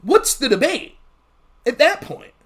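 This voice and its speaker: Livestream host, male, high-pitched, rapid and blunt, swears freely. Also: big pitch swings. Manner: fast-talking, blunt and profane. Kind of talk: casual livestream commentary.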